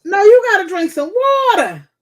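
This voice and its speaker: A woman's voice: very high-pitched, big pitch swings, moderate pace. A woman hosting a casual live chat, giving blunt, profane, motherly advice. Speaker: host.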